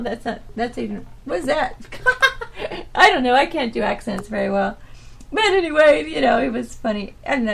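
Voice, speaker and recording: A woman's voice: fairly high pitch, creaky. A woman hosting her own podcast, chatting casually and rambling with lots of fillers and trailing thoughts. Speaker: podcast host. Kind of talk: casual solo chat.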